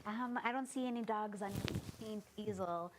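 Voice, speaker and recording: A woman's voice: medium pitch, normal speed. A woman performing improvised comedy on a TV show, speaking in a patient, teacherly way, with faint noise behind her.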